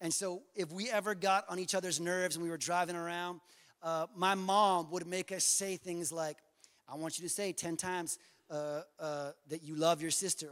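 A man preaching a passionate sermon as pastor, repeating phrases and building to shouts. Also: high voice, fairly even intonation, normal speed, in a large hall. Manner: passionate, repetitive, rising to shouts.

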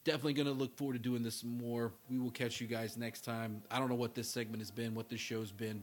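A man's voice: medium pitch, fairly even intonation, fast, hardly any pauses, soft background music. A young man co-hosting a podcast, rambling and swearing casually between laughs. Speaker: podcast co-host. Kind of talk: casual chat.

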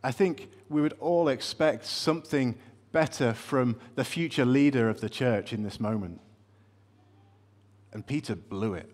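A man preaching a sermon in a conversational, storytelling way, with light humor and frequent fillers and restarts. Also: mid-range voice.

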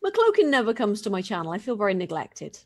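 British woman on a stream, kinda husky, lively voice, guilt-trippy teasing. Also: medium pitch, quick pace. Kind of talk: casual stream chat.

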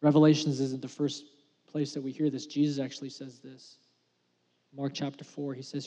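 A man preaching a sermon as pastor, earnest and conversational, dropping to a hush for emphasis. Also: mid-range voice, little pitch movement, fairly quick, long reverb tail. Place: church sanctuary.

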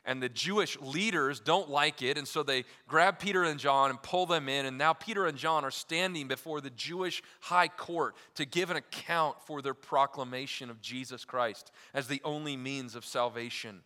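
A man preaching a sermon, swinging from loud emphasis to hushed, deliberate lines, with casual asides full of fillers. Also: mid-range voice, big-room sound. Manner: emphatic preaching with wide swings in loudness, dropping to near-quiet for key lines. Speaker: pastor.

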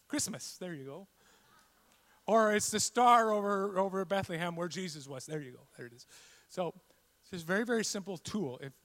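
A man preaching a sermon, telling a scripture story and building to loud, passionate repetition. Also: fairly high pitch. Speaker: pastor.

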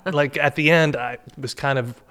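A man's voice: fairly high pitch, measured pace, fairly bright tone. Self-deprecating man. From Boston. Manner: storytelling, self-deprecating, acts out quotes. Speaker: guest actor and comic. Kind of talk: casual chat.

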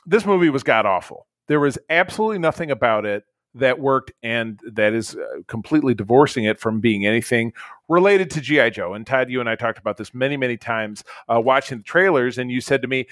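A man's voice: mid-range voice, animated, fairly quick, fairly bright tone, no room sound. A man co-hosting a casual chat, reviewing a movie in a blunt, rambling way with lots of fillers and restarts. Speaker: podcast co-host, movie reviewer.

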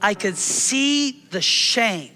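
A man in his thirties preaching a sermon, telling a personal story and acting out the scenes with animated delivery. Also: high-pitched, drawn-out words, in a large hall, soft background music. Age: 30s. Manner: animated, acts out his own shouting in the story. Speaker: pastor.

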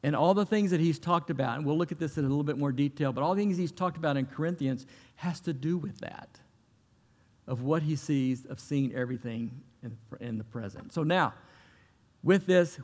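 A middle-aged man with a fairly high-pitched voice gives a sermon in a church sanctuary. He speaks in a conversational, storytelling way and often restarts his sentences. A long reverb from the large hall trails after his words. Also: normal speed, darkish tone. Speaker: pastor.

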